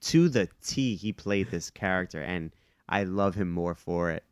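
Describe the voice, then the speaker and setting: A man's voice: deep voice, unhurried, clear, resonant tone, no room sound, clean studio sound. A man co-hosting a podcast, chatting casually about making a short film and telling the story with quotes and laughs. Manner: storytelling, laughing, quoting people. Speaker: podcast co-host, filmmaker. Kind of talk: casual chat.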